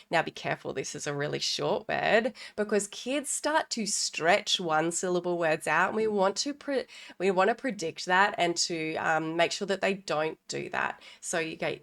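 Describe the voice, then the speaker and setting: A woman's voice: fairly low pitch, creaky. Woman, literacy teacher, casual podcast explainer, playful with examples. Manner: warm, playful modeling of sound games with children. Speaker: literacy educator and podcast host. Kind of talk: informal teaching talk to parents.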